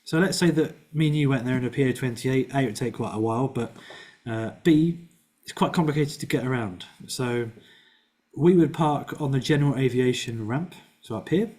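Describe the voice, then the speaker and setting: A man in the middle of an online flying lesson, talking through each step patiently with the odd "uh" and "so". His voice sits at an ordinary pitch and comes over a video call. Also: moderate pace, a little mellow. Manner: patient, explaining step by step with fillers. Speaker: flight instructor.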